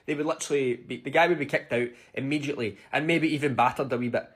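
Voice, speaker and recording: A Scottish man from Scotland telling casual, animated stories to the camera, swearing freely and full of cheeky banter. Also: mid-range voice, fast talker. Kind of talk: casual storytime vlog.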